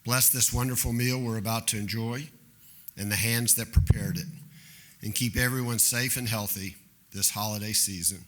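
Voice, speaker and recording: A man's voice: on the low side, fairly even intonation, a little hiss or hum. Solemn man leading a prayer. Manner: solemn, measured. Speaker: invocation leader. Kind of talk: spoken prayer.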